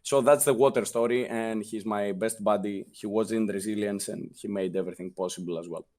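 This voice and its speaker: A man's voice: lowish voice, a little fast. A young man with a European non-native English accent, a guest telling casual, profane stories in an interview and acting out the people he quotes. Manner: profane, animated anecdote telling with acted quotes. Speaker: guest, former guild leader.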